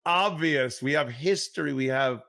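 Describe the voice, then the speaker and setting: A man co-hosting a comedic podcast who banters loudly and profanely, laughing often. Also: medium pitch, measured pace, gravelly, over a noisy crowd. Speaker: podcast co-host. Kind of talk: casual comedic podcast chat.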